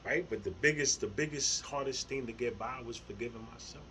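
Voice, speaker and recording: A middle-aged man in a casual spiritual monologue to camera, rambling and repeating words, with heavy slang and swearing, earnest, with soft laughs between thoughts. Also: medium pitch, fairly quick, slight background noise, low-quality recording. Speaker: spiritual vlogger.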